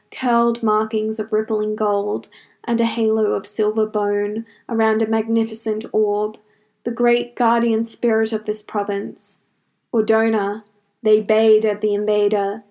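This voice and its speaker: A woman narrating a fantasy fanfiction story in a measured, dramatic storytelling manner. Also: medium pitch, darkish tone. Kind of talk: audiobook fanfiction reading.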